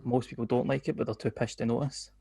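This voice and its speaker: A man with a Scottish accent chatting on a podcast over a video call, laid-back with deadpan jokes. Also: medium pitch, fast talker, vocal fry, husky. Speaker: podcast guest. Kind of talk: casual chat.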